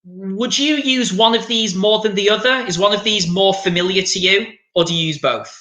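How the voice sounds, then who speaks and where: Male English teacher, upbeat and encouraging, bright voice, echoey room. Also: high voice. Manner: upbeat, encouraging, drawn-out model pronunciations. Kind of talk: online English lesson.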